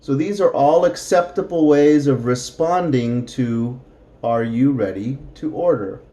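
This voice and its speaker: A man teaching a beginner English lesson, drawing out example phrases slowly and clearly so learners can repeat them. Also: mid-range voice, warm tone.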